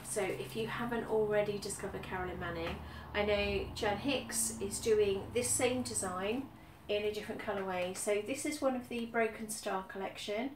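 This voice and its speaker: A woman from the UK chatting casually about her stitching, with frequent ums and repeated phrases. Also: medium pitch. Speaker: cross-stitch vlogger. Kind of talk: casual chat. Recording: roomy echo, somewhat far from mic, faint background noise.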